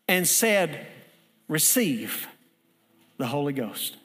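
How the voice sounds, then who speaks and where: A man preaching a sermon, telling a folksy story in an animated way that builds to shouting. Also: fairly high pitch, slow, long pauses, breathy edge, long reverb tail. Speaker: pastor.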